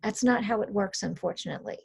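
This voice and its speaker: A woman coach talking parents through handling anxiety, calm, earnest and plainspoken. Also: mid-range voice, quick pace, gravelly, husky. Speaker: coach and author. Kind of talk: conversational explainer.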